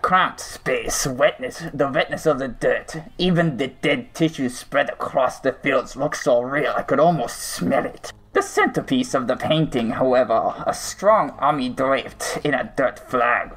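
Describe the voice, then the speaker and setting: A man's voice: mid-range voice, a bit bright, poor audio. A man putting on a haunted German soldier. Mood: grim. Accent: put-on German accent. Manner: slow, halting dramatic reading. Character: war-weary German soldier recalling the trenches. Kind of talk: reading a creepypasta aloud.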